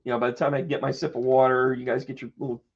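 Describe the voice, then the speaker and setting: A man's voice: medium pitch, flat delivery, very fast, highs cut off. A man doing a live-streamed tarot reading as its host, exclamatory and joking, swearing freely and greeting viewers by name. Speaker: tarot reader and medium.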